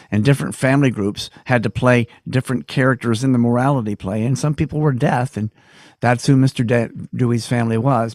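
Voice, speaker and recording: A man spins a folksy, rambling story with playful asides, his voice sitting at an ordinary pitch. The sound is dry and close, picked up by a webcam mic on a video call. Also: a little mellow, no echo.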